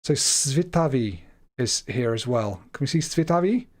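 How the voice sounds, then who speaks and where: A man's voice: medium pitch, lively intonation, normal speed. A man hosting a live stream, commentating a game as he thinks aloud in a chatty, hesitant way that often stumbles over his words. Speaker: livestream host.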